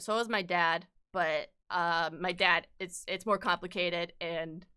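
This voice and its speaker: A woman's voice: fairly low pitch, sharp tone, clean tone. A young woman streaming live, chatting casually and candidly, swearing freely and sounding upset at times. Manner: upset, close to tears at times.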